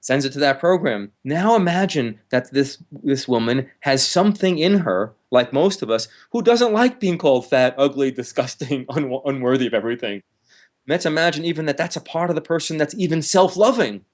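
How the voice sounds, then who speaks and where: A man, a counselor, talks as an interview guest, explaining with lively energy, laughing now and then and acting out harsh inner voices. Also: fairly high pitch, moderate pace. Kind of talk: explanatory conversational talk.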